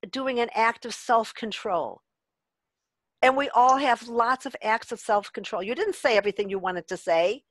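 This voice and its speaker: A woman leading a workshop on an online group call, lively and laughing as she acts out the voices she quotes. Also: fairly high pitch, no room sound. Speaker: workshop leader. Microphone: video call.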